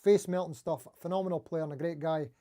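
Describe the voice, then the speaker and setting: A middle-aged man with a Dundee Scottish accent, hosting a casual guitar livestream and chatting quickly with viewers. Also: fairly high pitch, steady tone, dark tone. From Scotland. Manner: fast-talking, chatty, reading out viewer comments. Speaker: livestream host.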